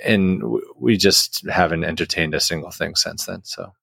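A man's voice: sits low, moderate pace, gravelly, sharp tone, slightly rough, no room sound, clean studio sound. A man who is a guest musician, telling a long story in a casual interview, rambling with many restarts and fillers.

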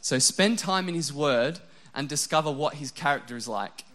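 A man's voice: on the high side, animated, moderate pace, fairly bright tone. A young adult man preaching a casual sermon, mixing self-mocking jokes and lots of "like" fillers into his message. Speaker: pastor.

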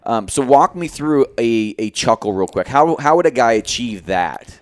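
A man hosting a casual chat, laid-back and hesitant, often pausing to restart his sentences. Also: mid-range voice, lively intonation, no echo, clean studio sound.

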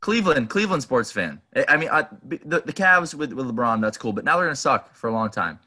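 Bright-voiced young man giving sports picks. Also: medium pitch, expressive, quick pace. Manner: hesitant, restarts, offhand opinions. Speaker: podcast co-host. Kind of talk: casual sports chat.

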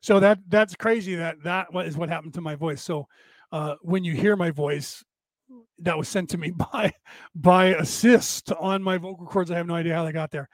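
An older man talks into a close, dry mic. His worn voice sits a little high for a man, and he rambles on with restarts and asides. He sounds tired after hours of talking. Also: steady tone, moderate pace, no room sound. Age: older, with graying hair. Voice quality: says his voice is damaged but penetrating. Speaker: podcast host. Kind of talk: casual monologue.

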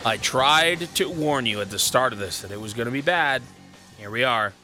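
A man's voice: medium pitch, animated, moderate pace, bright, forceful tone, faint music behind. A man hosting a solo wrestling recap show, rambling and sarcastic, swearing casually as he talks alone in a small booth. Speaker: wrestling podcast host.

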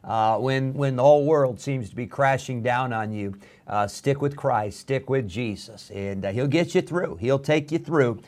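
A middle-aged pastor preaching an earnest radio sermon, often pausing on "uh" and building to fervent emphasis. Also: male voice, medium pitch, darkish tone.

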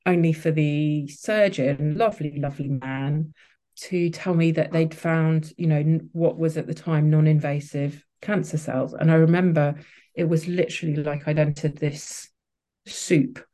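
A woman's voice: deep voice, steady tone, unhurried, mellow. Candid woman telling her story. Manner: open, emotional, many restarts and fillers. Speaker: podcast guest.

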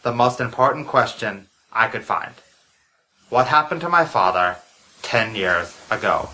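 A theatrical masked schemer from a comedy audio drama, with a man putting on the voice. The voice sits noticeably lower than his usual one, yet it keeps a bright, forceful edge. He delivers his confession slowly and with heavy drama. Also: expressive, poor audio. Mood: solemn. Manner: slow, solemn, dramatic. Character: masked secretive powerful man, grave and theatrical.

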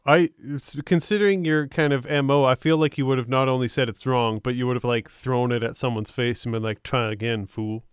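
Man, podcast co-host, casual film chat, easygoing, smooth clear voice. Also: medium pitch, fairly even intonation, dry recording, clean studio sound. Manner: easygoing, quick to agree and laugh along.

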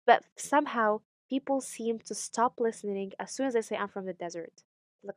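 A young woman from Morocco gives a candid interview, animated and sardonic, with frequent laughter. Her voice sits fairly high. The sound is dry and close. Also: a little fast, dry recording.

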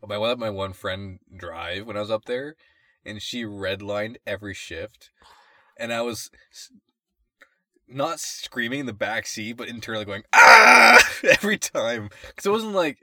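Bright-voiced young man ranting with laughs. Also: lowish voice, expressive, moderate pace, no echo. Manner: laughs often while ranting, swears a lot. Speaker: podcast co-host. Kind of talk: casual chat.

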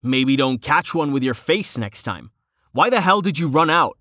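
A man's voice: fairly high pitch, animated, normal speed, pushed and bright, no room sound, studio quality, pitched above the performer's own voice. A man voicing a brash young male fighter who talks bluntly and urgently, in an audiobook. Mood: tense.

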